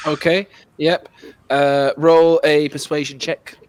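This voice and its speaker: A man's voice: on the high side, level tone, takes it slowly, clear, resonant tone. A man running a tabletop game as dungeon master, setting scenes in a chatty way and often restarting his phrases. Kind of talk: casual tabletop game narration.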